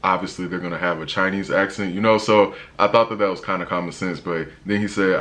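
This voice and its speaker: A man's voice: low voice, fairly even intonation, a little fast, hardly any pauses, fairly bright tone. An American man, a young adult, talking casually to camera in a travel vlog, slangy and emphatic. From United States. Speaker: travel vlogger.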